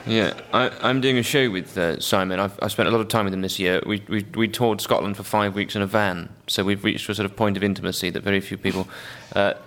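A man's voice: fairly low pitch, fairly even intonation, fast talker, few pauses, a bit bright. A man hosting a comedy podcast on a theatre stage, teasing his guests dryly with stammering restarts. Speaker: host. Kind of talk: comic panel chat.

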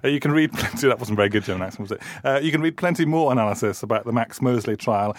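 A man's voice: medium pitch, animated, rapid-fire, no echo. A male radio host with a mid-range voice who leads the discussion wryly and laughs easily. He is recorded close and dry in a studio. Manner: wry, laughs often, steers the talk. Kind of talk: radio talk show presenting.

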